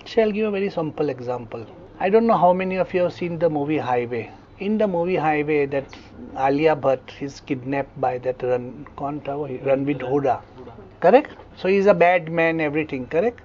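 Animated Indian English lecturer, fairly high. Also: male voice, moderate pace, lo-fi sound. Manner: animated storytelling, frequent check-ins with students. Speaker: homeopathy lecturer. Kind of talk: classroom lecture.

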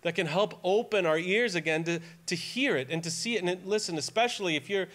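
A man in his forties preaching a sermon as pastor, earnest and emphatic, dropping to a soft, tearful tone during personal stories. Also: high voice, brisk. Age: 40s. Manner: earnest, emphatic, grows quiet and tearful when telling a personal story. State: near tears at times.

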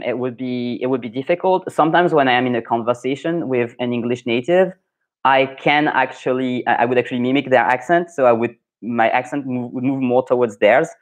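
A young adult man with a French accent, a French pronunciation coach chatting through a live Q&A lesson, thinking aloud with many fillers and restarts. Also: mid-range voice.

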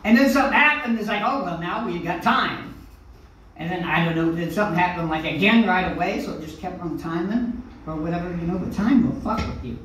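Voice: mid-range voice, lively intonation, quick pace, a little hiss or hum. Rambling profane older stand-up comic. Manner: profane, rambling, loud swings. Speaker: stand-up comedian. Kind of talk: stand-up set. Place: comedy club stage. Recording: echoey room from a distant mic.

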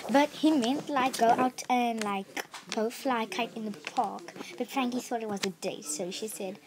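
High-voiced woman rambling through her drawings. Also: normal speed, very noisy. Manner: rambling storytelling with filler words. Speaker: vlogger showing her drawings. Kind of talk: casual show-and-tell narration.

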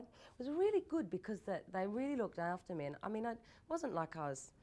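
A young woman in an interview, telling anecdotes in a lively way, laughing often and restarting her sentences. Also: mid-range voice. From Australia. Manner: animated storytelling, laughs often, quick repeated restarts. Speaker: actress interviewee.

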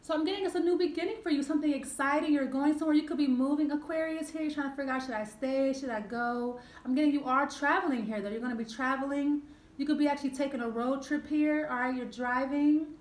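High-voiced woman tarot reader, casual and repetitive, in a roomy space. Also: fast talker. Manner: chatty, repetitive, drawing cards aloud. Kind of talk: tarot reading monologue.

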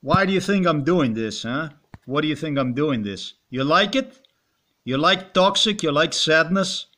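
A man's voice: fairly high pitch, expressive, moderate pace, pushed and bright. A man with a Slovenian accent rambling and ranting in a monologue, swearing and firing off repeated rhetorical questions. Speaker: vlogger.

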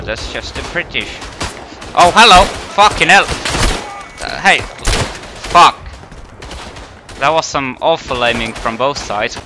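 Game gunfire and explosions, plus background noise, fill the audio as a mid-range-voiced man comments on his own gameplay. He's panicky, swears a lot and mocks himself.

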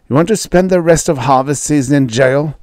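A man's voice: a little high, brisk, darkish tone, no echo, clean studio sound, pitched above the performer's own voice, close to an everyday voice. A man reading an audiobook voices a fearful middle-aged male farmer who pleads nervously. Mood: hushed warning.

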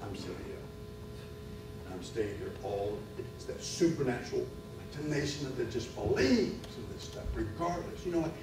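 A middle-aged man giving a sermon at a men's retreat, telling a personal story and building to loud preaching. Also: mid-range voice, big pitch swings, normal speed. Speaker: retreat speaker. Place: church retreat hall. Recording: echoey hall, far from mic, music behind.

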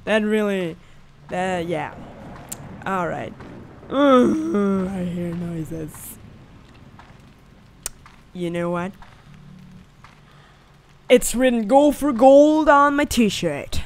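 A young woman commentating a horror game, swinging between shrieking panic and calm muttering and swearing a lot. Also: mid-range voice, very slow, pauses often, a little hiss or hum. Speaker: gamer.

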